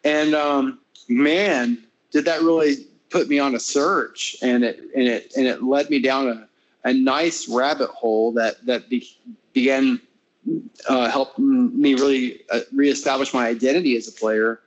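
A man's voice: medium pitch, unhurried, dull audio. An American man, a classical guitarist in a casual interview, talking in long rambling stretches full of restarts and fillers. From United States. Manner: rambling, many restarts and fillers, animated when retelling.

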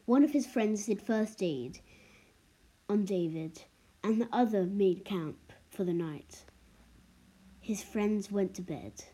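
A woman's voice: medium pitch, slow pace, long pauses, mellow, husky, poor audio. A woman reading a story aloud in a plain manner, with small restarts.

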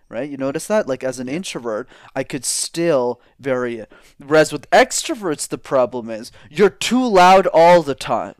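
This is energetic interview talk from a male guest with a mid-range voice at normal speed. Coaching on public speaking, he animatedly moves his tone higher and lower to demonstrate vocal tones. The sound is clean studio audio without any room sound.

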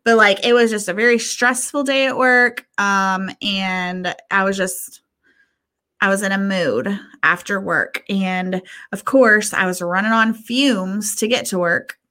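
In a medium-pitched voice at a slightly slow pace, a woman co-hosting a podcast tells a story in casual chat. She's an animated storyteller who swears freely and acts out what people said.

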